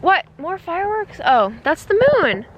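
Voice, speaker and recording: A woman's voice: very high voice, big pitch swings, normal speed, muffled recording, heavy background noise. A young woman filming a family vlog outdoors on a chilly night, chatting with her kids from behind the camera. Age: young adult. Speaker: vlogger mom.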